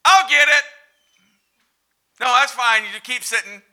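A man's voice: measured pace, exaggerated voice. A man putting on a frantic, overworked Martha. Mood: exasperated. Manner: high, loud, pleading cries for help. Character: frazzled overworked woman Martha, exasperated.

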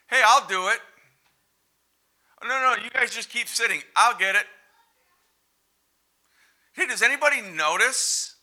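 A frantic, exasperated woman shouts that nobody is helping her, as a male preacher acts her out. Her voice jumps high and loud. It is bright and pleading, a sermon retelling acted aloud. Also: measured pace, long pauses, heavily acted. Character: frazzled overworked woman Martha, exasperated.

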